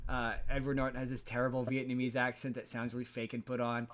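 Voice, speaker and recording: A podcast host recaps a film in a casual, rambling way, often restarting and repeating words. His medium-pitched voice is monotone and moves quickly.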